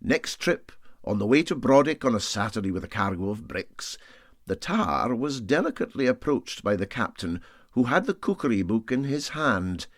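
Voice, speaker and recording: Male audiobook narrator, measured and expressive, dry booth sound. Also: mid-range voice, dry recording. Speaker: audiobook reader. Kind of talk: storybook narration.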